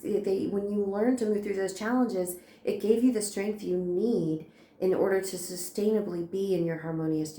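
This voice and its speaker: Casual American woman tarot reader, warm low-key delivery, roomy sound. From United States. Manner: chatty, reassuring, laughs often. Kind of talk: casual spiritual card reading.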